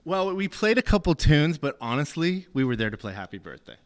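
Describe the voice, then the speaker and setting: A man, a jazz pianist talking as a guest in a casual interview, halting with many restarts and easy laughs. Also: on the high side, very animated.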